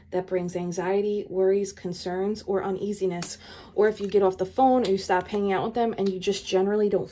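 Female tarot reader, casual and animated, direct to camera, mid-pitched. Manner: animated, chatty, laughs often, talks straight to viewers.

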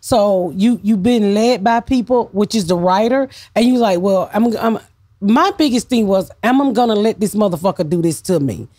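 A woman, a comedian guest in casual podcast chat, talking loudly and excitably and cussing freely. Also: mid-range voice, normal speed, no room sound, studio quality.

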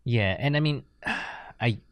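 A man's voice: mid-range voice, very animated, slow, fairly bright tone, no echo, clean studio sound. A man co-hosting a podcast, telling stories in a chatty way and laughing often. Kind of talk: casual podcast chat.

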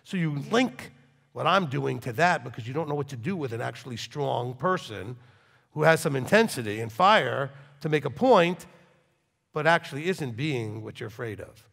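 A man, a rabbi, preaching to a congregation with intense swings from loud forceful bursts to quiet low talk. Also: lively intonation, moderate pace, vocal fry, long reverb tail. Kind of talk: sermon.

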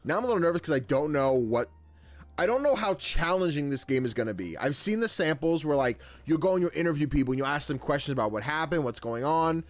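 A young man who runs a gaming YouTube channel talks fast in a rather high, expressive voice while soft music plays behind him. His let's-play commentary is casual and playful: he reads the game's text aloud, jokes around, chats in slang, and laughs a lot.

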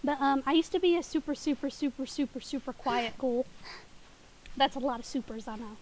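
Southern woman streamer, high bright voice, giggly, chatty, stumbles over words now and then. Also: fairly quick, slight background noise. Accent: Southern US, Tennessee area. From southeastern United States. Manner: giggly, occasionally stutters and trips over words. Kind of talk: casual gaming stream chat. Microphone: desk microphone.

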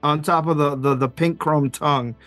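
A man narrating as game master in a tabletop game. He talks haltingly, with frequent fillers, restarts and laughter. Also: fairly high pitch, fairly even intonation, a bit bright, faint music behind.

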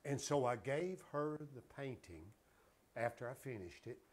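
On a talk show, a man in his 70s who is a guest singer drawls out folksy anecdotes, giving voice to the people he quotes. The relaxed storytelling comes in a mid-range, slightly mellow voice, animated and at normal speed.

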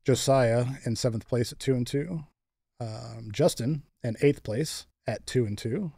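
A man's voice: mid-range voice, measured pace, creaky, mellow, breathy edge, no room sound, studio quality. Laid-back young man hosting fantasy football chat. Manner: laid-back, joking, runs the segments. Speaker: podcast host.

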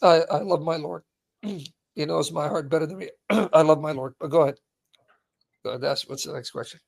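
A man's voice: a little high, brisk, creaky, a little mellow. A man preaching on a live stream, emphatic and repeating lines for stress, openly emotional. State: emotional, voice catching.

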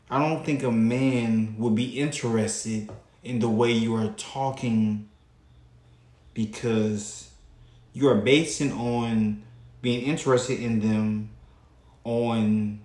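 A man hosting his own channel, giving reaction commentary in a drawn-out way with frequent pauses. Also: mid-range voice, darkish tone, echoey room. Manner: slow, drawn-out, pausing often. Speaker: channel host.

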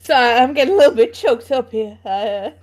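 A woman's voice: fairly high pitch, fairly quick, no echo, clean studio sound, close to an everyday voice. A woman voicing a polite, folksy adventurer who keeps calling people sir. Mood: friendly.

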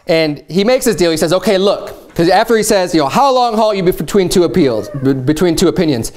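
A man delivering a sermon in a loose, conversational way, his voice sitting a little higher than most men's. He tells the story as if chatting, then leaps up in pitch to act out the quoted lines with a mocking edge. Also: expressive, a little fast, a little mellow. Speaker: preacher.

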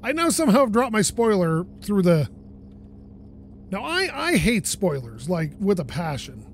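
A gaming channel host with a high voice that swings widely in pitch narrates his own let's play at a measured pace. He's animated, talks to himself, and swears when a moment goes wrong. Faint game sounds play behind him, and the recording carries a little hiss or hum.

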